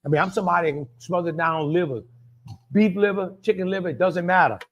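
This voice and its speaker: A cooking show host from Louisiana with a Cajun accent demonstrates a dish live, chatting loosely, repeating himself, and greeting chat viewers by name as he cooks. His voice sits a bit higher than most men's and he talks quickly over a noisy background.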